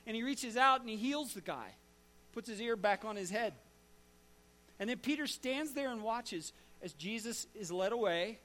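High-voiced pastor telling a dramatic story. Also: male voice, animated, normal speed. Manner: dramatic, swings from loud to hushed; asks the listeners direct questions. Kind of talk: storytelling sermon.

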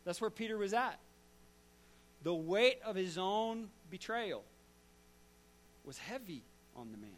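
A pastor with a high, light male voice tells the story in his sermon with plenty of drama. He rises to loud bursts, then drops to near-hushed lines. He turns often to ask the listeners direct questions. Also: expressive, takes it slowly, long pauses, slight background noise.

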